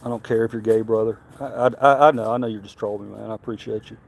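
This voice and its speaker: A Tennessee man with a Southern accent hosts a casual livestream, chatting and responding to comments. His voice is lowish and gravelly with fairly even intonation, and he talks quickly, rambling and restarting with stammers.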